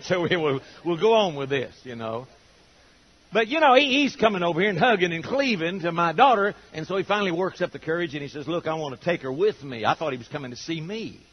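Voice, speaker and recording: A man's voice: on the high side, breathy edge. An older man preaching a sermon to a congregation, telling homespun, humorous stories and acting out the quotes. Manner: folksy, humorous storytelling with acted-out quotes. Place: church auditorium with congregation. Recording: dull lo-fi sermon recording.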